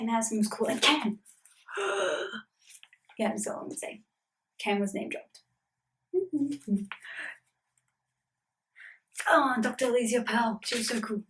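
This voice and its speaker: A woman's voice: fairly high pitch, slight background noise, low-quality recording. A woman chatting casually in a vlog about a tabletop campaign she plays in, rambling with lots of fillers.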